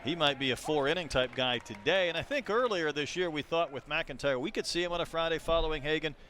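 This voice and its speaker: A man doing live play-by-play baseball commentary, calling pitches and chatting between them. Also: fast talker, a bit bright, a little hiss or hum. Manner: conversational, calls pitches between chatty stories. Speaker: play-by-play announcer.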